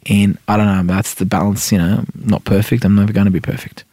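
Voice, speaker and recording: A man's voice: on the low side, little pitch movement, fast, mellow, breathy edge, no room sound, studio quality. A middle-aged man, chatting as a guest in a rambling, filler-heavy way and often tagging "right?". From Iran. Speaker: senator and podcast guest. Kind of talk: casual interview chat.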